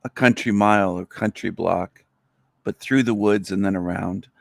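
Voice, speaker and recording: A man's voice: low voice, steady tone, moderate pace, creaky, no room sound, studio quality. A middle-aged man hosting a livestream, talking in a blunt, crude, rambling and opinionated way. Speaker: livestream host. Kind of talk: casual rambling livestream monologue.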